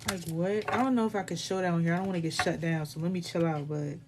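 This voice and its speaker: A woman's voice: fairly low pitch, fairly even intonation, fast, noisy background. Blunt, profane woman reading tarot. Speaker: tarot reader. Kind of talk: casual live tarot reading.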